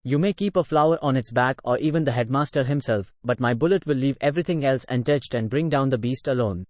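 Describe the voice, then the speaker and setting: A man reading the part of a boastful, pushy gunman in an audiobook retelling, giving orders in a loud, commanding way with an Indian English accent. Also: medium pitch, quick pace, no room sound, lightly acted.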